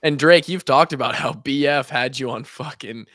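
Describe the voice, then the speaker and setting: A young man from Iowa, a former player co-hosting a podcast, tells a story in a lively, swearing, casual way and acts out the quotes. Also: mid-range voice, moderate pace, no room sound, studio quality.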